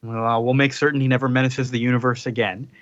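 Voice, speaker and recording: A man co-hosts a casual podcast and recaps a comic story, lively and chatty, jumping into quick character voices. His voice sits mid-range. The sound is dull and dry, with no room around it. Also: mid-range voice, dry recording. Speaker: podcast co-host.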